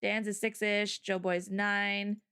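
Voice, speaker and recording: A woman's voice: mid-range voice, level tone, sharp tone, clean tone. Chatty upbeat woman streamer. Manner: chatty, upbeat, quick to laugh. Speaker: streamer host. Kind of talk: casual chat on a livestream.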